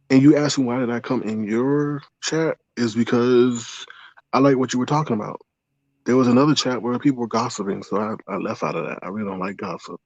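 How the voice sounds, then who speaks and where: A man joining a casual live-stream chat as a guest, answering in a measured way and laying out his points one by one. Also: medium pitch, a little mellow, dry recording. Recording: dull, dry lo-fi audio.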